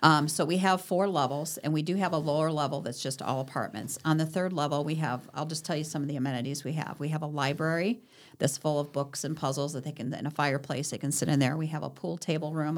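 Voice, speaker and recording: Low-voiced woman explaining senior housing. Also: a little fast. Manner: explains patiently with examples and many affirmations. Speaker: guest from senior living community. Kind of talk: casual interview chat.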